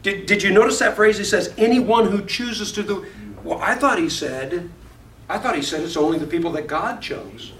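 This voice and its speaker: Man teaching a Bible class, fairly high voice, echoey room, distant mic, faint hiss. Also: animated, a little fast, pushed and bright. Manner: reads verses aloud and explains them, questions the class.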